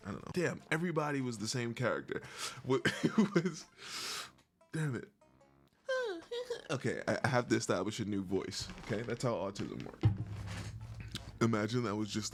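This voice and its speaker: A man's voice: mid-range voice, huge pitch swings, moderate pace, long pauses, breathy edge, faint music behind. A man rambling to camera in a goofy, scattered comedic monologue, swearing and laughing between half-finished thoughts. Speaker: video creator.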